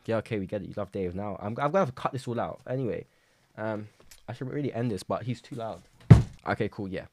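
Rambling young man, deep voice. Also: fast talker, a little hiss or hum. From England. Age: young adult. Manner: rambling, swearing, energetic. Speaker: podcast host. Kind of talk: casual solo podcast rant. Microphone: podcast microphone.

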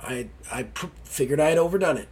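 Sick, husky man hosting a podcast. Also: fairly high pitch, lively intonation, quick pace. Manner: grumpy, blunt, swears casually. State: sick, stuffy voice. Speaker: podcast host. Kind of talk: casual chat.

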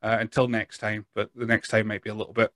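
A man's voice: lowish voice, monotone, fast talker, fairly bright tone. A man hosting a podcast in a casual, rambling, self-deprecating way. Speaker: podcast host. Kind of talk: casual chat.

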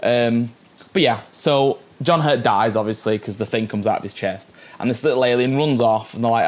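A man's voice: medium pitch, normal speed. A man co-hosting a podcast, casually recapping a film, rambling through restarts and fillers as he hunts for words, swearing and laughing as he goes. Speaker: podcast co-host.

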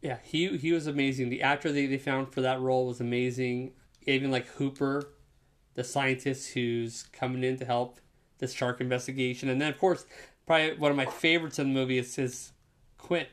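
A man co-hosting a casual podcast, recounting things in a relaxed way and swearing freely. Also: medium pitch, a little fast. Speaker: podcast co-host. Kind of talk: casual chat.

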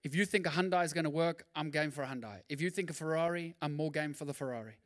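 A male pastor preaching a sermon in a lively, conversational way, with quick asides and acted-out quotes. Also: on the high side.

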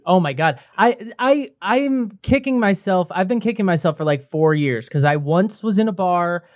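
A man co-hosting a beer podcast, chatting casually in a playful, excitable way. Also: high-pitched, moderate pace, dry recording, clean studio sound. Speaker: podcast co-host. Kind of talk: casual chat.

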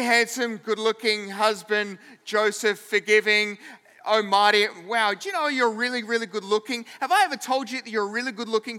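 A man voicing a nervous young woman, Mary, who flatters and stammers to stall her husband. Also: high voice, clean tone, long reverb tail. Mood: flattering. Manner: gushing, stammering, evasive.

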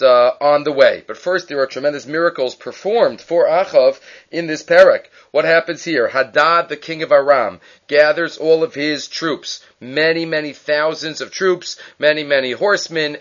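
A man teaches scripture in a loose, conversational way, slipping into quoted voices as he retells the story. His voice sits a bit high. The audio is muffled and lo-fi. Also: fairly bright tone. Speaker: Torah teacher. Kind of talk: casual Bible lesson. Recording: dull lo-fi audio.

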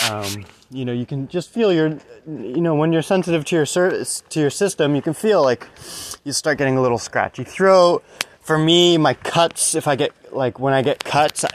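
A man's voice: medium pitch, a little hiss or hum, poor audio. A man talking through a casual, reflective monologue, earnest and rambling, with many restarts.

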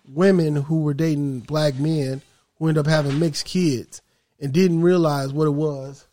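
A young man talking in a casual group chat, animated and rambling, with slangy speech. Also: on the high side.

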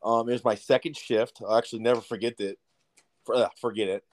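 A young man tells a party story on a casual podcast, with plenty of swearing. His voice sits at a middle pitch, and he keeps up an animated, rambling delivery. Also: quick pace. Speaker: podcast co-host. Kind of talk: casual storytelling over beers.

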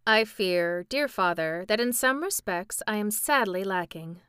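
A woman's voice: mid-range voice, expressive, a little slow, fairly bright tone, smooth, dry recording, studio quality. A woman voicing a polite, anxious man with a pumpkin for a head, speaking formally in a storybook reading. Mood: fretful.

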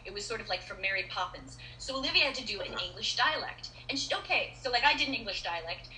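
A middle-aged actress chatting as an interview guest, telling stories in an animated way with many restarts and fillers. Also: female voice, mid-range voice, quick pace, hardly any pauses, slight background noise. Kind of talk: casual interview chat. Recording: roomy echo.

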